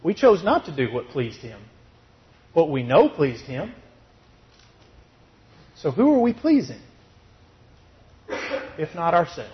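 Speaking slowly and pausing often, a preacher with a somewhat high voice poses forceful rhetorical questions, answers them, then eases into a softer, gentler manner. The sound quality is dull and lo-fi.

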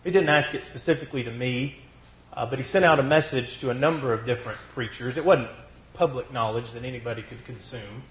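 A man preaching a sermon through a cough, slowing down to stress his points, at a pulpit mic in a church. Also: mid-range voice. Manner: measured, deliberate delivery with slowed emphasis. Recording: roomy, dull lo-fi sound.

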